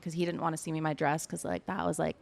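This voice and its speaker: A woman's voice: sits low, little pitch movement, racing, gravelly. A woman guest on a podcast chatting casually in a breezy, upbeat, slangy way. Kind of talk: casual chat.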